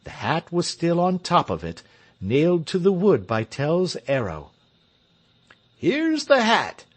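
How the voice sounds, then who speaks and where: Slow, expressive male audiobook narrator. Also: on the high side. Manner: expressive storytelling. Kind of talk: scripted narration.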